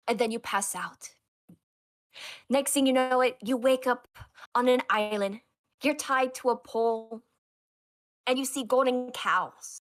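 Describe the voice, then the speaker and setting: A woman's voice: on the high side, measured pace, long pauses. A woman acting as game master, narrating a tabletop role-play with dramatic, stammering storytelling.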